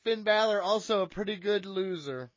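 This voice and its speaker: A man's voice: sits high, normal speed, dry recording, lo-fi sound. A man co-hosting a wrestling podcast in casual chat, joking, teasing and swearing freely. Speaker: podcast co-host.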